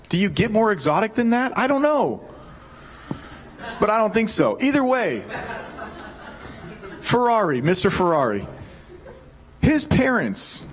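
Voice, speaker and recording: A man, preaching a sermon in a casual, animated storytelling way and acting out what people said. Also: on the high side, rough recording. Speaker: pastor.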